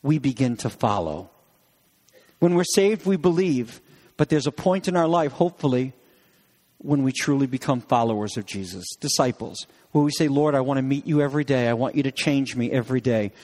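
A man's voice: mid-range voice, animated, brisk, a little mellow, in a large hall. A man preaching a sermon as pastor, in a conversational way with frequent restarts, acting out lines of dialogue.

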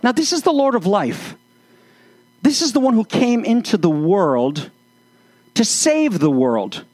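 A man's voice: high voice, sing-song, unhurried, long pauses, darkish tone, no room sound. A man speaking as a pastor in sermon-style commentary, earnest, with flashes of exasperated sarcasm.

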